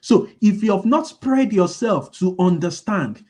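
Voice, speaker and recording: High-voiced man repeating points for emphasis. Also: lively intonation, a little slow, mellow. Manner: repeats key lines for emphasis; asks the audience call-and-response questions. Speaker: business speaker. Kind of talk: motivational business talk.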